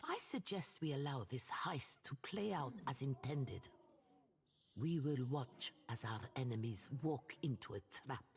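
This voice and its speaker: Icy scheming game noblewoman, super deep voice, clipped and bossy, swings her pitch around a lot. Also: animated, a little slow, a little mellow, heavily acted. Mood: icy, commanding. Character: cold scheming noblewoman, ruthless and proud.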